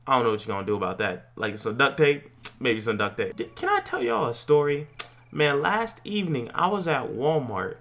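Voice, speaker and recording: A young gaming YouTuber provides let's play commentary on a horror game, joking around in slangy banter and yelping at the scares. His voice is a little high with a fairly bright tone.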